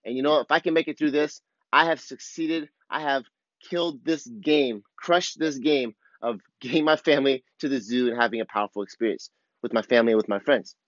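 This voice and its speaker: A man's voice: medium pitch, brisk, no room sound, highs cut off. A man in his thirties, a father speaking candidly and confessionally about his struggles, swearing casually. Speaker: father vlogger. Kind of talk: candid personal reflection.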